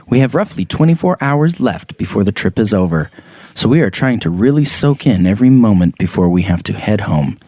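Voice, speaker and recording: A man's voice: on the low side, expressive, a little fast, warm tone, no room sound. A man co-hosting a podcast, reading a dream story aloud in casual chat and laughing often. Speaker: podcast co-host.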